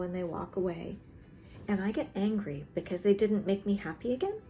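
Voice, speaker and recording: A woman therapist calmly explaining emotional boundaries, acting out small everyday conversations as she teaches. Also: lowish voice, brisk, faint music behind. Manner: gentle and explanatory, acts out little dialogues. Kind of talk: teaching talk to camera. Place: in South Carolina.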